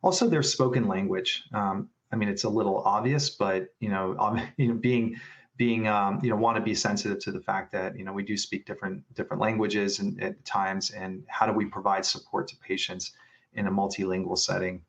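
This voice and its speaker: A low-voiced man presenting slides in a business webinar. He talks in a halting way, full of restarts and fillers, and keeps circling back to his point. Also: fairly even intonation.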